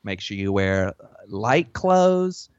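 A man's voice: on the low side, very animated, takes it slowly, darkish tone, clean tone, no room sound. A man with a Southern accent, giving boastful, rambling comedic advice that keeps drifting off track. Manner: boastful, rambling, easily sidetracked. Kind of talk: comedy podcast bit. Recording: dull lo-fi recording.

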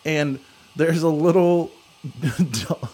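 A man's voice: a little high, fairly even intonation, extremely slow, darkish tone. Rambling young man telling a story. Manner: rambling, lots of "like" and fillers. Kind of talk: casual storytelling chat.

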